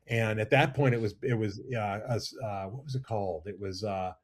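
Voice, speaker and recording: A middle-aged man, a makeup effects artist, telling animated, rambling stories as a guest in a casual interview. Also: on the low side, a little fast. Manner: animated, rambling anecdotes with restarts. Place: studio or lounge.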